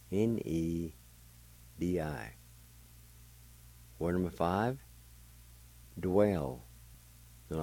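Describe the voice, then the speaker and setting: A man's voice: sits low, dark tone, rough recording. A man teaching a language lesson on the radio, patiently spelling words letter by letter and sounding them out.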